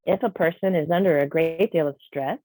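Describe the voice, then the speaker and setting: A woman's voice: sits low, fairly quick, dark tone, no echo, low-quality recording. A woman voicing a deaf trainer's signed talk into speech over a video call, explaining patiently and conversationally. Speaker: sign language interpreter voicing a deaf trainer. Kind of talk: live spoken interpretation of a training session.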